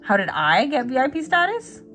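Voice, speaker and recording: A woman hosting a relaxed art livestream, reading viewers' messages aloud and answering them with frequent giggles. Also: high-pitched, moderate pace, soft background music. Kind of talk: casual chat with viewers.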